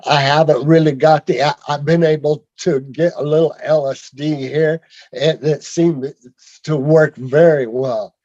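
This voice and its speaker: A man telling his own story on a video call in a rambling, halting way, with many fillers and restarts. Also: on the high side, steady tone, darkish tone, dry recording. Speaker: speaker sharing his story. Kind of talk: rambling personal testimony. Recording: dull lo-fi video call audio.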